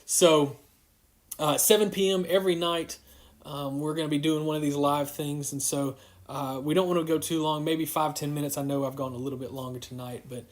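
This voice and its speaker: Rambling man, slightly high voice. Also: steady tone, a little fast, slight background noise. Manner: rambling, wanders off on tangents. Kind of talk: casual live-streamed devotional.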